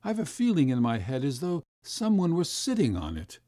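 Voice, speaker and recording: A man's voice: fairly high pitch, wildly swooping pitch, normal speed, warm tone, no echo, studio quality, voice pushed up. A man voicing a poor, starving father who speaks in a hollow, shaking voice. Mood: muttering.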